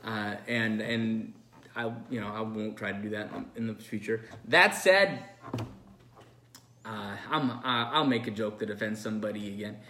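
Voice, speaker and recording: A man's voice: on the low side, normal speed, bright, forceful tone, a little hiss or hum. A man, a pastor, giving an earnest, rambling, unscripted message to his listeners. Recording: echoey room.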